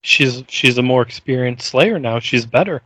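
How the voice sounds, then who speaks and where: A man co-hosting a podcast, talking casually about a TV episode, measured, with frequent fillers. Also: mid-range voice, expressive, fairly bright tone, no room sound. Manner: measured, repeats "like" and "the amount of". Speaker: podcast co-host.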